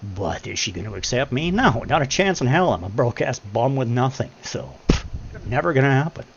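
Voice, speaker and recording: Gravelly low-voiced guy streaming, candid and swears a lot, kinda dull lo-fi audio. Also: very animated, normal speed. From Canada. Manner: candid, emotional, swears often. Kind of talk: casual chat. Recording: lo-fi stream audio with faint noise.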